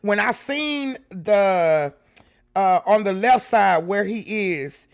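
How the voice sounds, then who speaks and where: A woman from Houston with a Southern accent, hosting a livestream in excited casual chat, loud and full of laughter and slang. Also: medium pitch, slow, gravelly. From Houston, Texas. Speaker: livestream host.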